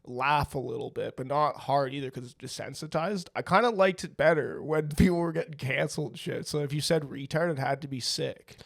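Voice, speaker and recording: Rambling man with a slightly high voice. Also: a little fast, creaky, few pauses. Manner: rambling, laughing along, egging on. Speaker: podcast co-host. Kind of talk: casual podcast banter.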